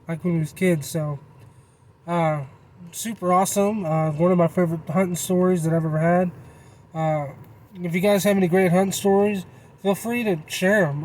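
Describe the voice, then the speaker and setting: A man's voice: on the high side, darkish tone, a little hiss or hum, poor audio. A man telling a hunting story in a casual, rambling, folksy way. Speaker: channel host.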